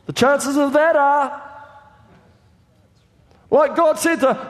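A man preaching a fervent sermon, building up to shouts as he presses his point. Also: extremely high pitch, takes it slowly, pauses often. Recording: long reverb of a large hall.

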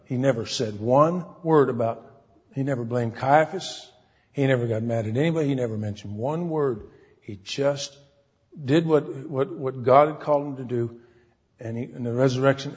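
A man with a mid-range, slightly mellow and husky voice speaks at a normal speed as he preaches a sermon. He tells a story, acting out other people's voices in quotes, and builds to a fervent exhortation. The recording sounds dull and lo-fi, with a long hall reverb.

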